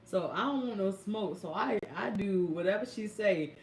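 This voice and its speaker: A young woman caregiver telling stories on a live stream, speaking AAVE and talking to viewers in a lively, chatty way. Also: mid-range voice, moderate pace, a little hiss or hum. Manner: animated, chatty, addresses viewers as y'all and baby. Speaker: caregiver vlogger. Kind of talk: casual live-stream storytelling. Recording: echoey room.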